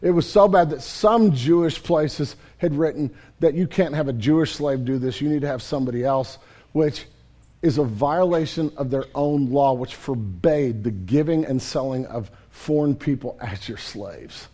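A man's voice: medium pitch, moderate pace, dark tone. A man preaching a sermon in a church in a casual, conversational way, retelling a story vividly. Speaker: pastor.

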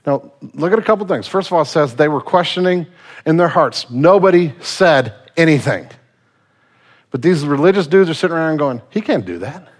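A male pastor preaching a sermon in a casual, animated storytelling manner. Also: a little high, normal speed.

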